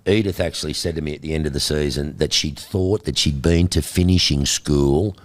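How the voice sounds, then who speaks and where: An older Australian man in an interview, telling animated stories and acting out the voices of the people in them. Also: rumbling low, brisk. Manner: animated storyteller, acts out quoted voices. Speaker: guest. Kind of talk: storytelling interview.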